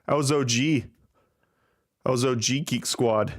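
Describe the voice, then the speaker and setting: A man's voice: mid-range voice, unhurried. A man hosting a casual livestream, rambling and self-deprecating with plenty of swearing. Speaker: livestream host. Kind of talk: casual live-stream chat.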